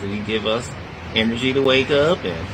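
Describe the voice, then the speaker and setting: A man, hosting a casual comedic home baking vlog and jumping between low mutters and loud high exclamations. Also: normal speed, background noise. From New York. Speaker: home baker vlogger. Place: home kitchen.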